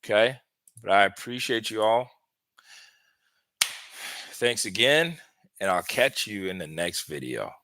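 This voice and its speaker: Male relationship coach, lowish bright voice, dry close sound, casual live Q&A, slightly winded. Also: animated, unhurried, long pauses, dry recording. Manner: direct, conversational advice with many fillers. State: slightly out of breath. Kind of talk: live stream Q&A, reading viewer questions.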